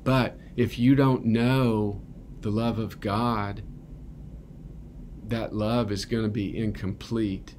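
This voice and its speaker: A man's voice: lowish voice, steady tone, slow, a little mellow, a little hiss or hum. A man giving a conversational, earnest sermon at a recovery ministry, often checking in with "right?". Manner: earnest, keeps asking "right?".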